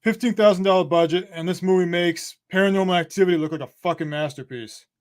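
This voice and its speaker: Blunt, profane man reviewing films. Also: sits high. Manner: blunt and profane, with halting pauses. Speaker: movie reviewer on a panel. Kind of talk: live online review countdown.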